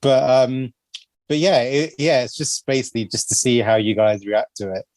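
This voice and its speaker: A male podcast host chatting loosely into a close mic, his speech full of fillers and small laughs. His pitch sits in the everyday middle, and the sound is dry with no room at all. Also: fairly even intonation, normal speed, darkish tone, no echo. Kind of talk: casual podcast chat.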